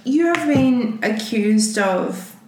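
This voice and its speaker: A woman's voice: on the high side, expressive, slow, a little mellow, echoey room, slight background noise. A woman co-hosting a casual interview, who often restarts her questions. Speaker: podcast co-host, interviewer.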